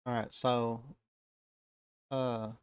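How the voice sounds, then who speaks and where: Easygoing Southern-accented male stream host, mid-pitched, smooth and dry, casual market chatter. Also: flat delivery, drawn-out words, dry recording. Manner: easygoing, chatty, frequent "uh" fillers. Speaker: day-trading live-stream host.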